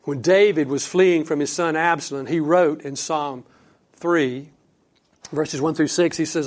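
A man preaching a sermon, who slows down and lifts his voice to read scripture and drops quiet for asides to the congregation. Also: fairly high pitch, fairly even intonation.

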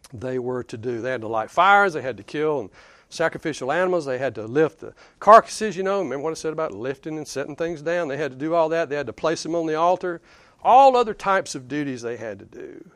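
Man, sermon, chuckling asides, dry recording. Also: dry recording. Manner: conversational, chuckling, rising for emphasis then dropping low. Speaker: preacher.

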